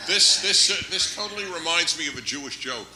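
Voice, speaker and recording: A man giving a humorous lecture as guest speaker, telling jokes in an animated way. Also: on the high side, a little fast. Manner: joking storyteller, animated. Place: large hall with audience. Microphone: microphone, later unamplified. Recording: echoey hall with background noise.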